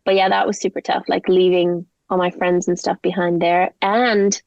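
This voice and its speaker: A woman's voice: lowish voice, little pitch movement, moderate pace, creaky, dry recording, lo-fi sound. A young woman from England, a singer-songwriter, chatting animatedly in an interview with lots of casual fillers.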